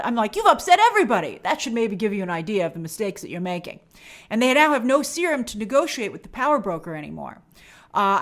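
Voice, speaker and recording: A woman's voice: on the high side, a bit bright. A woman hosting a review show, giving a chatty and enthusiastic breakdown of a TV episode and sometimes acting out the characters' lines. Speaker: film and TV review show host. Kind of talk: casual episode breakdown commentary.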